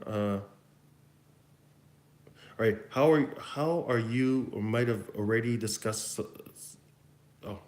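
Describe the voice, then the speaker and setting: Brief: Canadian man, West Coast accent, mid-pitched, rambling and chatty, taking viewer questions in an echoey room. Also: slow, pauses often, a little mellow. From Vancouver, Canada. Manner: rambling, chatty, thinks aloud. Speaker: YouTube host answering viewer questions. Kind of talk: casual livestream Q&A.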